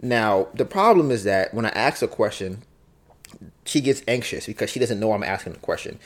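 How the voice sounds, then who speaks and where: Male podcast host, slightly low voice, casual solo monologue, reflective and repetitive. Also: expressive, moderate pace. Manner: reflective, repeats himself, acts out both sides of arguments.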